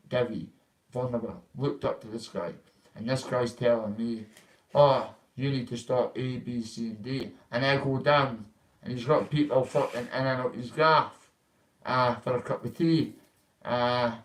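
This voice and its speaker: A man's voice: medium pitch, low-quality recording. Rambling, foul-mouthed Scottish man. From Dundee, Scotland. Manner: rambling, heavy swearing, Scots grammar. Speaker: storyteller. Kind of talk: casual spoken anecdote.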